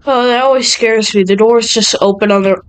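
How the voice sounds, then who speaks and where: A woman's voice: fairly high pitch, fairly even intonation, a little fast, clear, resonant tone, poor audio. A young woman playing a horror game for her channel, nervous and jumpy as she talks to her viewers. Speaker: gaming channel host. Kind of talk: horror game let's play commentary.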